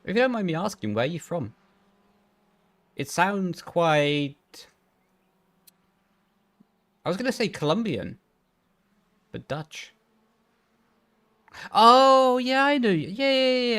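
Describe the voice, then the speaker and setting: A young man streaming a racing game from his home rig, chatting casually and rambling as he reads chat aloud, with a flat intonation, into a headset mic. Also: on the high side. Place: home sim rig room.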